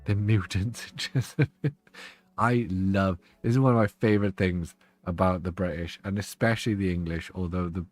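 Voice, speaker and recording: A man's voice: low-pitched, steady tone, moderate pace, soft background music. A young man, chatting and joking with viewers on a live stream, laughing often. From Wales. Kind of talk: casual live-stream chat.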